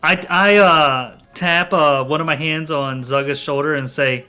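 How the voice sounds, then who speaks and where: A man's voice: a little high, measured pace, pushed and bright, clear, resonant tone, faint music behind. A man playing a tabletop role-playing game, rambling and joking as he describes his character's actions. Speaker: player.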